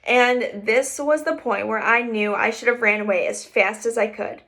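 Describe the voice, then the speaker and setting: A woman reading a first-person children's story aloud in a lively storytelling manner. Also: a little high, moderate pace. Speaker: reader. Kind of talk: audiobook narration.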